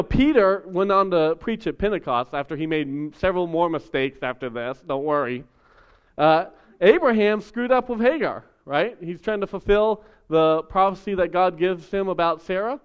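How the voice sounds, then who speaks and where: A man preaching a sermon in a relaxed, conversational way, acting out voices as he tells stories. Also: a little high, smooth, muffled recording. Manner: conversational, animated storytelling with acted voices. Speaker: pastor.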